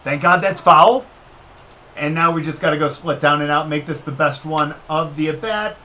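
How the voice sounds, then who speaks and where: At a moderate pace, a gaming video creator narrates a baseball video game in an excitable, casual let's-play. He talks to the game itself, reacting to each pitch with cheers and groans, and there's a little hiss or hum.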